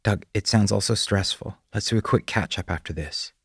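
A man's voice: on the low side, normal speed, a bit bright, slightly rough, no room sound, clean studio sound, full character voice. A man doing a caring female teacher. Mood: earnest. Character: concerned female schoolteacher, earnest and kind.

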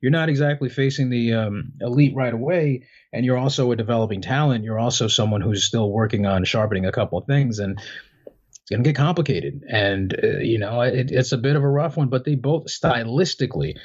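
A husky man co-hosting a casual fight-sports chat. He rambles through his analysis, full of fillers and restarts. The audio is dull and lo-fi. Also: mid-range voice, brisk, darkish tone. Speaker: MMA podcast co-host.

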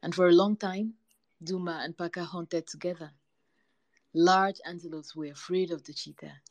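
Low-voiced woman reading folktales. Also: moderate pace, dry recording, poor audio. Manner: lively, varied storytelling delivery. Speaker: storyteller.

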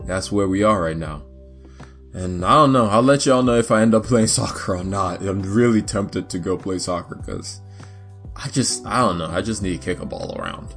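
A young man hosting a casual solo podcast, chatty and rambling. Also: mid-range voice. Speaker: podcast host.

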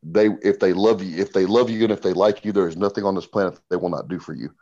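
Blunt, profane middle-aged man, low voice. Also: quick pace, lo-fi sound. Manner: blunt, profane, animated storyteller. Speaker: guest. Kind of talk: casual podcast conversation.

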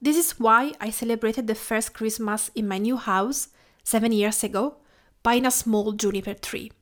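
A woman from Tuscany with an Italian accent, hosting a podcast in a gentle, lyrical, measured reading style. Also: a little high. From Tuscany, Italy. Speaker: podcast host and food writer. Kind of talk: scripted reflective narration.

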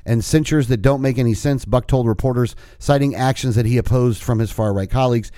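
A man's voice: mid-range voice, a little fast, warm tone, no echo, clean studio sound. A man co-hosting a casual podcast, rambling with many restarts and reading news items aloud. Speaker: podcast co-host. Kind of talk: casual chat.

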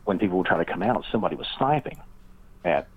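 Deep husky man telling a long tale. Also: animated, fast talker. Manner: meandering, many fillers, acts out quoted voices. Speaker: guest author and paranormal researcher. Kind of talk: rambling storytelling interview. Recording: dull lo-fi remote audio.

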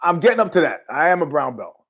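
A man's voice: on the high side, big pitch swings, quick pace, creaky, fairly bright tone, husky. A middle-aged man hosting a podcast, telling rambling, jokey stories in a casual monologue with asides. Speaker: podcast host.

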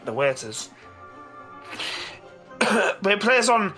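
Male co-host, 30s, sharp bright tone, sweary banter, light music bed. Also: high-pitched, sing-song, very slow. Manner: swears freely, blunt and jokey. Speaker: podcast co-host. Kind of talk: casual chat.

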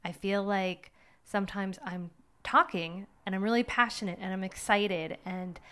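A middle-aged woman talks through her day in a candid podcast monologue. Her voice is smooth and clear, and her pitch sits in the middle. She rambles a little and gently laughs at herself as she goes. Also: fairly even intonation, moderate pace. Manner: candid, rambling, self-deprecating with small laughs. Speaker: podcast host. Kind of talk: personal reflective monologue.

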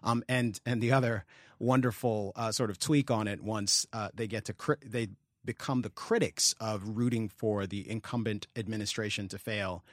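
A man with a low voice gives dry, sardonic commentary on a political podcast. He stops and restarts his phrases often. The sound is close and dry. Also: steady tone, no room sound. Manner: sardonic, halting, repeats words. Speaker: podcast co-host. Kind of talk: casual political chat.

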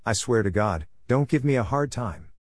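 A man's voice: mid-range voice, expressive, normal speed, no echo, studio quality, lightly acted. A man reading a scripture passage aloud and voicing a possessed madman in raised, urgent pleading. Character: possessed madman among tombs, wild and pleading.

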